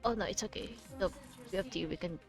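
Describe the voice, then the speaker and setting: A woman's voice: fairly low pitch, fast talker, gravelly, music in the background. A woman from the Philippines with a Filipino accent, chatting casually while streaming a game, laughing often and swearing freely. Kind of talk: casual chat while playing.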